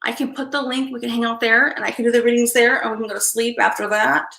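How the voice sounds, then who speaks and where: Chatty woman on a live stream, bright tense voice, apologizes a lot, laughs easily, roomy echo. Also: on the high side, steady tone, quick pace, creaky. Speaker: livestream host doing card readings. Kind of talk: casual live-stream chat. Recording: echoey room.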